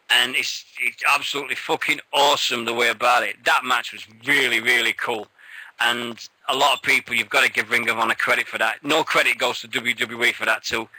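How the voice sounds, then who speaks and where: A man's voice: medium pitch, bright, forceful tone, low-quality recording. A man with an English accent hosting a casual wrestling radio show, blunt and full of swearing. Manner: blunt and sweary, laughs often. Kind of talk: casual chat.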